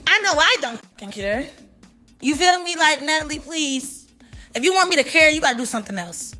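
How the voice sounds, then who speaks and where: Fired up woman ranting and cussing, kinda high voice, lil music under it. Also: expressive, fairly quick, pushed and bright. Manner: heated, cursing, lecturing. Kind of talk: angry profane rant.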